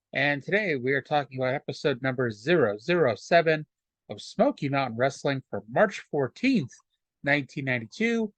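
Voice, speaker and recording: A man's voice: a little high, no room sound. A man hosting a podcast, recapping episodes casually with lots of fillers and asides. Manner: rambling, with many fillers. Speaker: podcast host.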